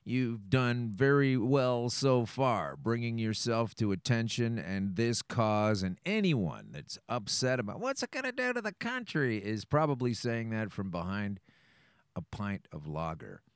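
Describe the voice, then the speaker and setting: A man's voice: on the low side, lively intonation, unhurried, clear, resonant tone, no room sound, studio quality. A man hosting a podcast, blunt and opinionated, swearing casually as he introduces a guest. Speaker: show host.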